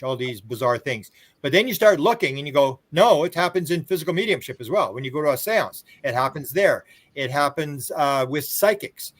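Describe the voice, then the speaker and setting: A man with a fairly high speaking voice, talking as an interview guest. He rambles through stories, repeats words and restarts his sentences, and lifts his pitch when he voices other people's lines. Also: fairly bright tone. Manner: acts out quoted dialogue with a livelier pitch; chuckles while talking. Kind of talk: casual storytelling on a live stream.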